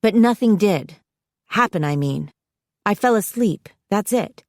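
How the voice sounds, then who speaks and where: A woman narrator voicing an upset, defiant teenage girl who pleads in a raised, higher voice. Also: lively intonation, a little slow, dry recording, studio quality. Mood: pleading.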